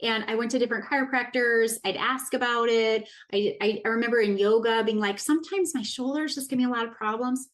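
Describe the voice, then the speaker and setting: A woman in her thirties talks through a masterclass in a casual, earnest way, pausing and restarting as she thinks. Her voice sits at an ordinary middle pitch, neither high nor low. She sounds like a coach sharing her own experience. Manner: earnest, reflective, loose with fillers and restarts. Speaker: wellness coach.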